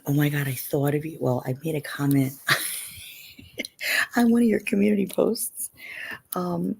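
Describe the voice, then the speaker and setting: A woman's voice: low voice, gravelly, darkish tone, husky. A middle-aged woman hosting a live stream, chatting casually with viewers and often saying "you know".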